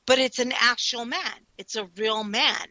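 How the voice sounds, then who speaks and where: A woman co-hosting a radio show, telling stories in an animated, expressive way. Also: fairly high pitch, measured pace, no room sound, dull audio. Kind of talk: casual chat.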